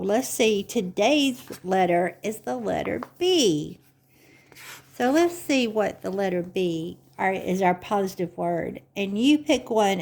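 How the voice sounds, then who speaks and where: A woman leads a children's story time, talking warmly and patiently to little listeners. She speaks slowly, with a touch of gravelly fry in her voice. Her manner is encouraging and teacherly. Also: medium pitch. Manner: gentle, slow and encouraging, like a teacher.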